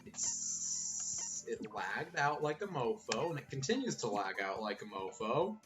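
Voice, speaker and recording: Young man, streamer, casual gameplay chat, joking, lively pitch. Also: a little slow. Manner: chatty and joking, talks to his game and computer. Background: game music.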